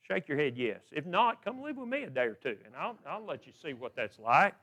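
A middle-aged male preacher with a high voice that leaps up and down. He delivers a sermon full of questions, often repeating words as he restarts his sentences. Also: big pitch swings, a little fast, pushed and bright.

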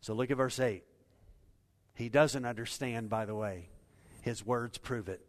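A man's voice: medium pitch, measured pace. A man preaching a sermon to a congregation, speaking earnestly and asking his listeners rhetorical questions. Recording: long hall reverb.

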